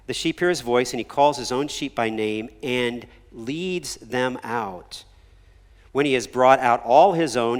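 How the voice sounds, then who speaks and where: Man preaching in a reverberant church hall. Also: mid-range voice. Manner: conversational preaching with frequent "right?" and "okay?" asides; drops to a hushed near-whisper on key words. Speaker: pastor. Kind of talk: sermon. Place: church sanctuary.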